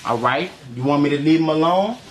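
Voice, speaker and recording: A man's voice: a little high, animated, fairly quick, slight background noise. Swaggering man. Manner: swaggering, keeps asking "you heard me". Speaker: rapper. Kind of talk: casual boastful studio banter. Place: small recording studio.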